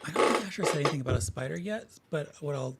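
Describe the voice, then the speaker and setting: A man narrating as game master in a tabletop game, relaxed and easygoing, with frequent hesitant fillers. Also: a little high, rapid-fire, heavy background noise.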